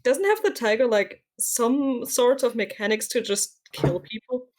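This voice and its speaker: A woman's voice: a little high, big pitch swings, measured pace, a little mellow. A woman playing a tabletop game, impulsive and playful, often laughing. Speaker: player. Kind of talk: tabletop role-play.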